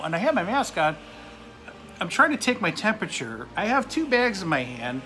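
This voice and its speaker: A man's voice: high-pitched, sing-song, a little fast, pushed and bright, faint music behind. Angry man ranting to camera. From United States. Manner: irate, profane, sarcastic. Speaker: vlogger.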